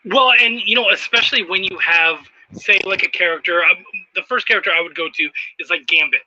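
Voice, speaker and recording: A man's voice: high voice, brisk, bright, forceful tone, no room sound, muffled recording. A man hosting a casual interview, enthusiastic and profane, reading out viewer comments. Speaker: podcast host.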